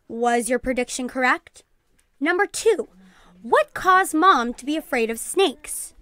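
Brief: woman teacher, read-aloud lesson, careful classroom delivery, high voice. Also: fairly bright tone, no room sound. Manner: clear, deliberate classroom reading.

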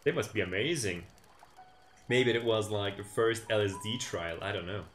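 A man's voice: lowish voice, moderate pace, a bit bright, faint music behind. A young man reading a folk tale aloud on a stream, with playful, sarcastic asides. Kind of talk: casual storytime read-aloud with joking asides. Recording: roomy echo with faint ambience.

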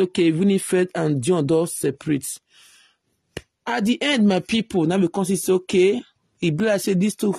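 Husky Nigerian Pidgin woman commentator. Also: on the low side, no echo, clean studio sound. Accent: Nigerian Pidgin English. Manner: animated, rambling, pleads with viewers. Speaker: online commentator. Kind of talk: casual gossip commentary.

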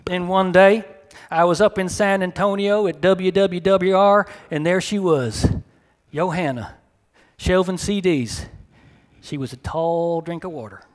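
A man's voice: high-pitched, a little slow. A man reading his short story aloud at a live café event, in a dry, wry first-person storytelling manner.

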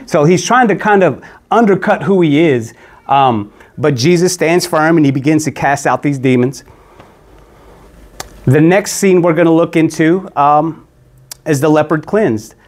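A man's voice: on the high side, measured pace. A man teaching a Bible lesson in a casual, conversational way, often repeating words and restarting his sentences.

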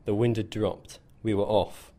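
A man with a fairly low voice reads his own story aloud. His delivery is dry and wry, with a self-mocking edge. It is paced like a scripted narration. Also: flat delivery, measured pace, warm tone. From England. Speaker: volunteer soldier. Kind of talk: scripted first-person narration.

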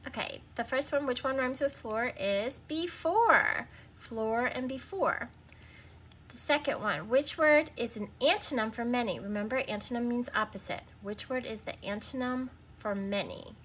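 A woman's voice: fairly high pitch, moderate pace, breathy edge. A woman teaching a recorded reading lesson to young children, sounding out words, spelling them letter by letter and patiently prompting answers.

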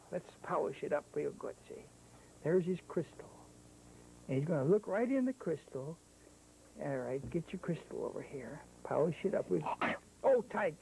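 High, mellow-voiced kids' TV clown host. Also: male voice, gravelly, rough recording. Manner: playful, coaxing, talks to a puppet sidekick. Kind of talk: 1970s kids' TV show patter. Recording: old broadcast archive, faint hiss.

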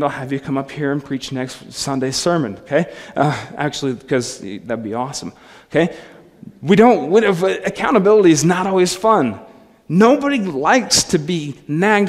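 A man's voice: on the high side, darkish tone. A man in his thirties, a pastor preaching a sermon in a conversational, self-deprecating way with frequent asides. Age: 30s. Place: church sanctuary. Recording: long hall reverb.

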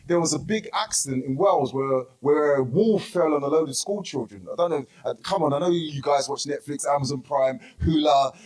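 London pastor, man in his forties, high voice, storytelling sermon full of "hallelujah". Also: rough recording. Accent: London English. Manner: emphatic repetition, sometimes shouting. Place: church hall.

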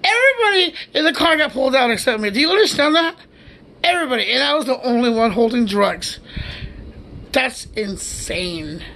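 A man's voice: extremely high pitch, expressive, normal speed, pushed and bright, slight background noise. A man from the United States telling a rambling, profane story in a casual way, laughing as he goes.

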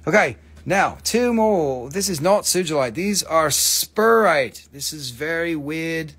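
Husky-voiced man hosting a rock sale. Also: fairly high pitch, animated, takes it slowly, fairly bright tone. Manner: joking, loose, swears casually, spells out names. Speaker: host selling minerals on a live stream. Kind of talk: casual live sales stream. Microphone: phone.

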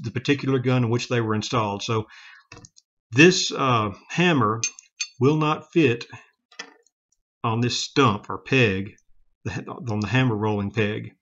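Hobbyist man, mid-pitch, casual halting how-to delivery, slightly muffled recording with metal clicks behind. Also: a bit bright. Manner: plain-spoken, halting, frequent restarts and self-corrections. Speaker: gun hobbyist demonstrating revolver repair.

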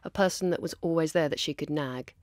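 Lower-voiced woman, chatty. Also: quick pace, dry recording, studio quality. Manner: chatty, teasing recollection. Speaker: guest. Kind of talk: casual chat.

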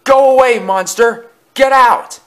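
A man voicing a small, frightened young male tank engine in a storybook reading, with high, jumpy, panicky cries. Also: animated, a little fast, fairly bright tone. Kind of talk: storybook character voice.

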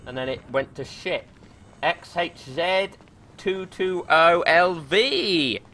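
Excitable, bright-voiced young male streamer. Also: a little high, slow, a little hiss or hum. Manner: excitable, swearing, laughing often. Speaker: gaming streamer. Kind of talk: live gameplay commentary.

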